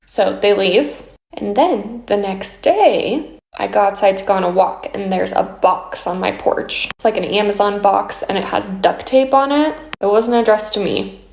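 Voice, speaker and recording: A woman's voice: medium pitch, unhurried, vocal fry, darkish tone, roomy sound, slight background noise. A woman casually telling a story to camera about her neighbor, matter-of-fact and step by step. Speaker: homeowner telling a story in a social video.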